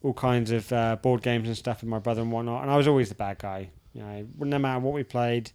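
A man in his thirties holds forth in casual podcast chat, his voice sitting at an ordinary middle pitch. He rants with plenty of swearing and keeps restarting his sentences as he goes. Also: fairly even intonation, quick pace, darkish tone, clear, resonant tone. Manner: ranting, swears freely, restarts often.

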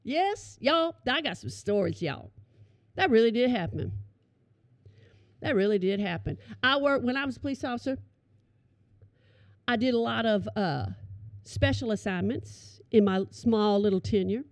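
A middle-aged woman telling comic stories to an audience, animated and calling them y'all. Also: fairly high pitch, unhurried, pauses often, dry recording. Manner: animated, addresses listeners as y'all. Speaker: storyteller.

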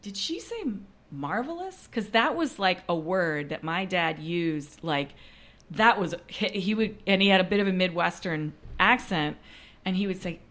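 A woman storyteller with a slightly low voice, talking in a loose, chatty way. She slips into lively bits of quoted dialogue as she recounts her story. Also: normal speed. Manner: chatty, animated when acting out quotes. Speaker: storyteller and performer. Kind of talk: casual conversation.

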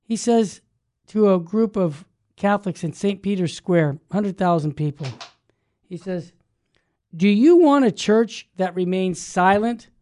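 On his religious talk radio program, a man with a high voice teaches with mounting fervor until his emphasis breaks into loud exclamations.

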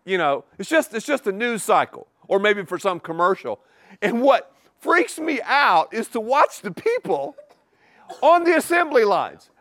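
In a high, highly expressive voice that swoops up and down, a male pastor preaches unhurriedly, pounding single words again and again and hurling rhetorical questions at his congregation. When he speeds up he sometimes trips over his words, and the sound is close and dry with no echo.

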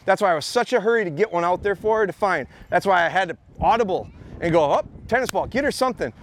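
High-voiced man teaching dog training. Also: fast. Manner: energetic, repetitive coaching talk. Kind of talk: live outdoor training seminar. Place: outdoor expo training area.

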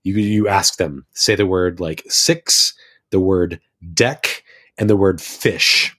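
An American man with a very low, deep voice, chatting casually on a podcast. He tells stories with enthusiasm and tends to ramble. His tone is relaxed and conversational. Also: takes it slowly. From United States. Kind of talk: casual chat.

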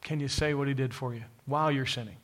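A man's voice: mid-range voice, fairly even intonation, fast, fairly bright tone. A man preaching a sermon to a live congregation, emphatic and repetitive, speaking straight to his listeners. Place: church, to a live congregation with an online audience.

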